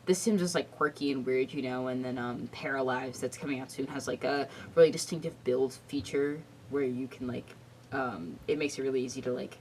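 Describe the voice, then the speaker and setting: A woman with a low voice chats loosely on a podcast, filling her sentences with "like" and breaking into giggles. She sits a little back from the microphone, so her voice sounds slightly distant, with a faint hiss behind it. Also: a little fast, darkish tone. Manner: rambling, heavy use of filler words, giggly. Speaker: podcast co-host. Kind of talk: casual chat.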